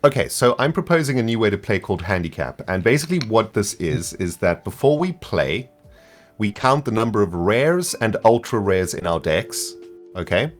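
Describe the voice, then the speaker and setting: A man's voice: lowish voice, sing-song, normal speed. A man with a South African accent chatting casually as a guest player, patiently explaining game rules with easy laughs and trailing fillers.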